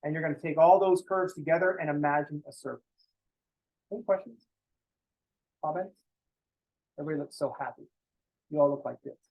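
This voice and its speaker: A man's voice: a little high, fairly even intonation, fast talker, a little mellow, rough recording. A young man teaching a college math class in a casual, blunt way, swearing freely and making joking asides to his students. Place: classroom, also streamed online.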